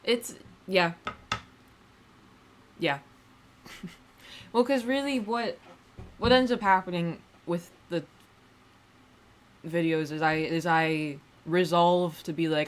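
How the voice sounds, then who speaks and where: A woman's voice: fairly low pitch, takes it slowly, long pauses. A woman streamer chatting casually to her viewers, rambling and wry, often restarting her sentences and swearing offhandedly. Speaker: livestreamer. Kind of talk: casual livestream chat.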